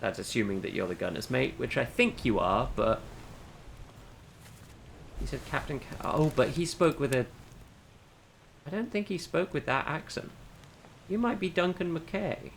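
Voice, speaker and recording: A man with a gravelly, creaky voice gives casual commentary on a livestream. He rambles and thinks aloud as he plays, often going back to correct himself. Faint noise sits behind him. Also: mid-range voice, expressive, a little slow, long pauses. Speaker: streamer.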